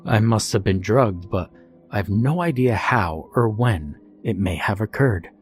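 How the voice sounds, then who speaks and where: Male narrator for bedtime horror, low, steady and calm, faint music bed. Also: measured pace. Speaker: storyteller.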